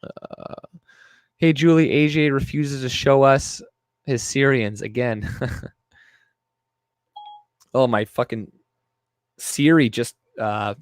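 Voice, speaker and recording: A man's voice: mid-range voice, fairly even intonation, slow, pauses often, clear, resonant tone, no echo. Profane ranting man on a dry mic. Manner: profane, ranting, reads chat aloud. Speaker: livestream host. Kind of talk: casual live-stream commentary.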